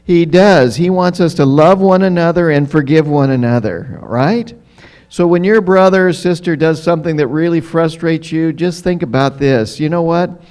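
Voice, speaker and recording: A pastor giving a children's story in a church. He is lively and keeps asking the children questions. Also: fairly high pitch, normal speed. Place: church sanctuary.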